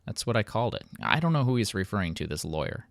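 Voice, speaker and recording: A man's voice: fairly low pitch, sing-song, quick pace, vocal fry, dry recording, clean studio sound. A man hosting a casual gameplay commentary, rambling and poking fun at himself. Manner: rambling, self-mocking, playful. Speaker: let's play host.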